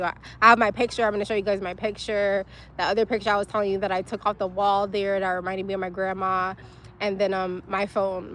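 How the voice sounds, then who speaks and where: A woman's voice: mid-range voice, fairly bright tone, slight background noise. A young woman, venting angrily in a profane, emotional personal vlog. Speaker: livestream host.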